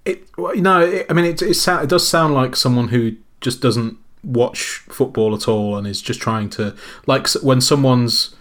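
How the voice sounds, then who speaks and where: A man co-hosts a casual football podcast at a middle pitch. He hesitates and restarts as he talks. His voice is everyday and unforced. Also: moderate pace, fairly bright tone. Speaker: podcast co-host. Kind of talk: casual chat.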